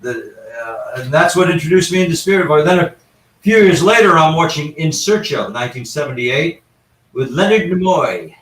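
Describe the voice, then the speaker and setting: A man with a slightly raised pitch tells paranormal stories in a loose, rambling way, often restarting his sentences. He sits well back from the mic. The room around him sounds echoey. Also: big pitch swings, moderate pace, fairly bright tone, far from the mic. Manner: rambling, with frequent restarts and asides. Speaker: guest paranormal investigator. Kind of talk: casual anecdotal storytelling.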